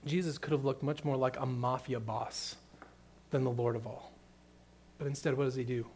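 A middle-aged man preaching a sermon, moving between hushed, tender passages and loud, emphatic questions. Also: mid-range voice, fairly even intonation, moderate pace, a little hiss or hum. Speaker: pastor.

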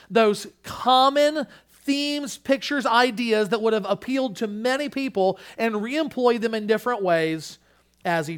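High-voiced pastor preaching. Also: male voice, fairly bright tone. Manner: earnest preaching with shifting emphasis and some restarts. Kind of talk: sermon.

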